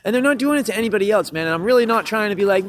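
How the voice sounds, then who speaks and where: A man's voice: lively intonation, very fast. A man talking casually to camera outdoors, rambling and swearing, with many fillers, growing indignant as he gets worked up. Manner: rambling, profane, fillers like "you know what I mean"; indignant, rising pitch when worked up. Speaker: street musician vlogger. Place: outdoors by a city building.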